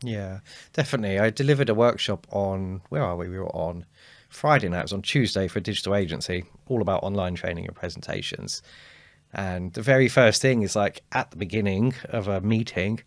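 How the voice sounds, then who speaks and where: A man, a speaking coach talking as a guest in a casual podcast conversation, animated and acting out quotes. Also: low-pitched, brisk, dry recording. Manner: animated storyteller, acts out quotes.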